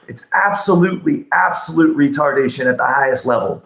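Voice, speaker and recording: A man's voice: mid-range voice, lively intonation, fairly quick, creaky, few pauses, fairly bright tone, reverberant. A man hosting a livestream oracle card reading, ranting and rambling with profanity and pet names for viewers. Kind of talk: casual livestream chat.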